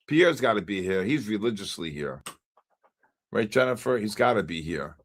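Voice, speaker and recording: A man's voice: lowish voice, lively intonation, normal speed. A man hosting a live trading stream, calling out viewer names one by one like an auctioneer. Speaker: livestream host.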